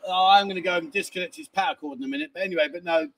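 A middle-aged man with a notably high-pitched voice, chatting casually on a livestream. He banters cheekily with viewers as he works through their comments, sounding short on sleep. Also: sing-song, very fast, vocal fry, fairly bright tone. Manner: cheeky, banters and laughs while reading comments. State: tired from lack of sleep. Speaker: livestream host.

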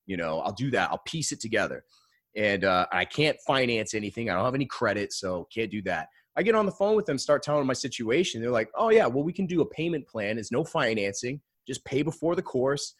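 A man telling a personal story in a casual interview, earnest and animated, often adding "man.". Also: mid-range voice, brisk, no echo, studio quality. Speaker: guest.

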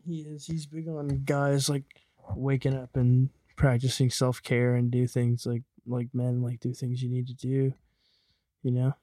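A man's voice: medium pitch, little pitch movement, unhurried, warm tone, dry recording, clean studio sound. A young man co-hosting a podcast, laid-back and agreeable in casual chat. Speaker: podcast co-host.

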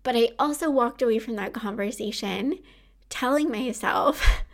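Earnest woman with a gravelly edge. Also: fairly high pitch, unhurried, pauses often. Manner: earnest and encouraging, warm laughs. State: tearful at times. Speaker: podcast host and anxiety coach. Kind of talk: heartfelt solo podcast talk.

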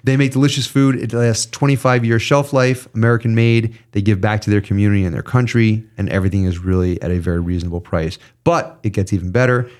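A man's voice: fairly low pitch, fast talker, few pauses. A man hosting a casual podcast, ranting with lots of swearing, then reading sponsor ads. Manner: ranting, profane, animated. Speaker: podcast host. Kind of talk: casual podcast chat and ad reads.

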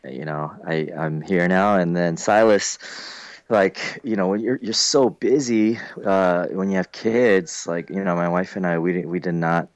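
Man, guest on a video call, casual chat, animated storyteller, deep, dry sound. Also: measured pace, no room sound. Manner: animated storyteller, jumps to high pitch in quoted lines. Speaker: guest calling in. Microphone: video call from home.

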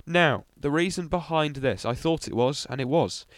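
A man's voice: fairly high pitch, expressive, normal speed, dry recording. A young man hosting a casual car news podcast, rambling with ums and little asides. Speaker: podcast host.

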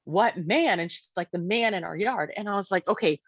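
Fairly quick and mid-range, a woman shares her story as a parent in chatty, conversational fashion. She leans on "like" and acts out what people said, and the recording has no echo, sounding dry and slightly muffled.

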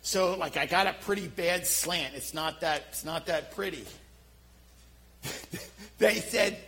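A middle-aged pastor with a Philadelphia accent delivers his sermon in a high-pitched, bright voice. He tells his stories in an animated, self-mocking way. A faint hum sits under the recording. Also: poor audio. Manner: animated, self-deprecating storytelling.

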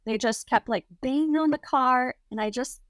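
A woman's voice: high-pitched, normal speed, fairly bright tone, clean tone, no echo, clean studio sound. A young adult woman, a guest on an interview show, telling a personal story casually and filling it with lots of "like". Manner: chatty, heavy use of "like" fillers.

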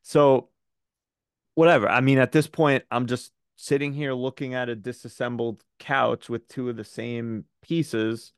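A man's voice: mid-range voice, steady tone, a little slow, clean tone, no echo, clean studio sound. A man co-hosting a podcast, ranting in casual chat, rambling and swearing often. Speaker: podcast co-host.

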